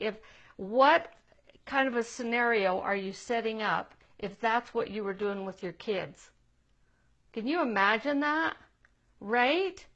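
A woman teaches casually on a live stream and keeps checking in with her viewers. Her voice sits somewhat high. The audio is dull and lo-fi. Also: fairly bright tone.

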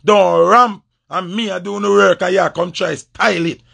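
A Jamaican man with a gravelly, husky voice that sits fairly high, ranting in confrontational patois. He repeats his points and hammers them home, pressing them again and again. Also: steady tone, moderate pace, bright, forceful tone. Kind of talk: heated social media rant.

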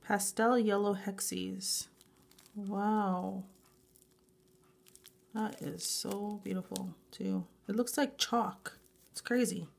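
A woman's voice: mid-range voice, fairly even intonation, slow pace, vocal fry, long pauses, darkish tone. A woman vlogging as she unboxes a grab bag of nail supplies, gushing with breathless exclamations and repeating herself. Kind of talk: unboxing a grab bag, excited casual chat.

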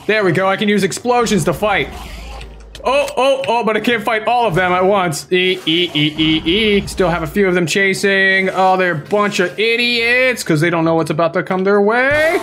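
A young man hosting a gaming channel, giving excitable, playful, kid-friendly commentary on his Minecraft gameplay and taunting the enemies as he fights. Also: high-pitched, moderate pace, a little hiss or hum.

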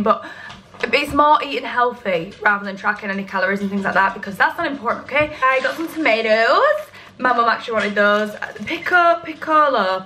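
A woman's voice: fairly high pitch, pushed and bright, a little hiss or hum. A young woman vlogging casually to camera, chatty, blunt and sweary, laughing easily. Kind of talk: casual vlog chat to camera.

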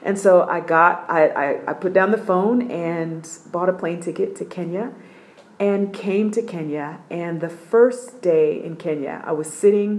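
Lively low-voiced woman telling a testimony. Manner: acts out dialogue, lively and emphatic. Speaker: missionary sharing a testimony. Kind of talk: animated personal storytelling. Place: her apartment.

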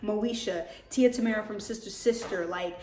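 A young woman vlogging in casual chat, excitable and slangy, often laughing. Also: mid-range voice, normal speed, slight background noise. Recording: roomy indoor echo.

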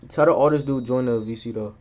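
A man co-playing on a live game stream, talking hyped and casual and repeating words in rapid bursts. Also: medium pitch, crowd noise. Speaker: co-player on the stream. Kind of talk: casual chat while gaming.

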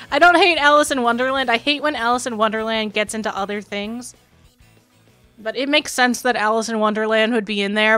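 A woman with a medium-pitched, slightly bright voice chats casually on a live stream. She rambles, laughs easily, and talks directly to her chat.

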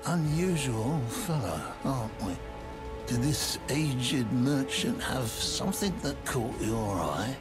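An actor with a Cockney accent playing a wry, teasing aged merchant in a game. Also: male voice, mid-range voice, animated, slow, music in the background. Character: wry old male wandering merchant.

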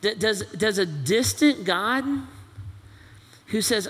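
Male pastor, high bright voice, questioning sermon delivery, church-hall reverb. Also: slow pace, long pauses. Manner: preaching with rhetorical questions and quoted voices, animated. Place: church auditorium.

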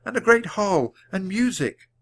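A man doing an eager, excited young girl. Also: unhurried, heavily acted. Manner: high, breathless, eager. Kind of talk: audiobook character voice.

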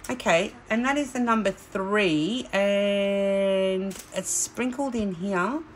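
A middle-aged woman from Australia chatting excitedly as she unboxes craft kits for her vlog. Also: mid-range voice, slow, slight background noise. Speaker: craft vlogger. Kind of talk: casual unboxing chat.

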